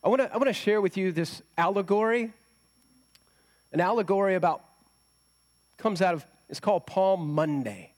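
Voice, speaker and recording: A man's voice: sits high, moderate pace, pauses often. A man preaching a conversational sermon as a pastor, often asking the congregation rhetorical questions.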